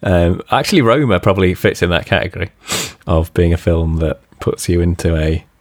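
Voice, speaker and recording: A man with a very low voice co-hosting a podcast. He talks in a relaxed, chatty way and laughs easily between points. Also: normal speed. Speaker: podcast co-host. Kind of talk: casual podcast chat.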